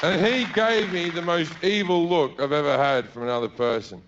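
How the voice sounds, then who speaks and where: A man in his thirties from Australia with an Australian accent, telling a long comic story on stage and acting out the people in it with sudden shouts and low mutters. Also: highs cut off, crowd noise, background noise. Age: 30s. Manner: acts out characters in quick bursts, shouts and mutters. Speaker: stand-up comedian. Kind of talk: stand-up storytelling. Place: theater stage before an audience.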